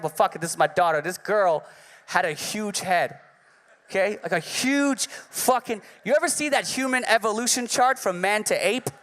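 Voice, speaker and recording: A man's voice: extremely high pitch, bright, forceful tone. A man in his thirties doing a brash, profane stand-up set on a club stage. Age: 30s. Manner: brash, profane, punchy delivery. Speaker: stand-up comedian. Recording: live hall reverb.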